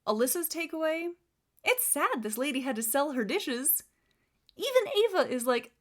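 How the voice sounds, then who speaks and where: A young woman gives a sarcastic book review, exasperated and scornful. Her voice sits a little high for a woman. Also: very animated, normal speed.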